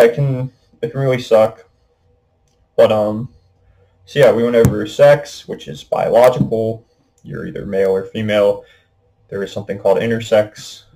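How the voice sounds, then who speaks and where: A man's voice: on the low side, dark tone, low-quality recording. A young man hosting a casual monologue podcast, rambling with lots of fillers. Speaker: podcast host.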